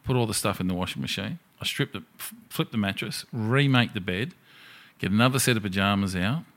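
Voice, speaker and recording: A man's voice: on the low side, fairly quick, a bit bright. Profane man telling a story. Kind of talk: casual storytelling chat.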